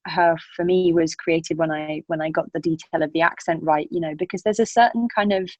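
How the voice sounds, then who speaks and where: A young actress in an interview, rambling and thoughtful, with plenty of fillers and restarts. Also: female voice, sits low, steady tone, fairly quick, no room sound, low-quality recording. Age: young adult. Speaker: actress guest. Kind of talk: casual interview chat.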